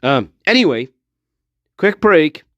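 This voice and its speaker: A man giving a ranting commentary, shouting, swearing and mocking his critics. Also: a little high, sing-song, takes it slowly, no echo, muffled recording. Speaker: online commentator.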